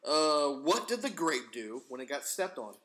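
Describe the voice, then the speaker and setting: Low-voiced woman hosting, giggly. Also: big pitch swings, moderate pace, a bit bright, a little hiss or hum. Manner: laughs often, playful, calls kids bro. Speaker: host. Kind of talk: casual family joke segment.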